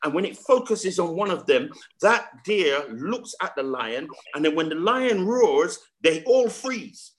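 A man's voice: high voice, big pitch swings, a little slow, few pauses. Preaching man with a repeating, emphatic delivery. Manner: repeats words, builds emphasis, asks the congregation questions. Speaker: pastor. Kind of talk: sermon over a video call.

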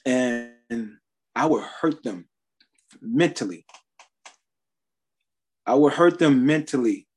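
Husky, emphatic middle-aged male preacher. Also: medium pitch, lively intonation, slow pace, pauses often. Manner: emphatic, storytelling, repeats phrases. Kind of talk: sermon with personal testimony.

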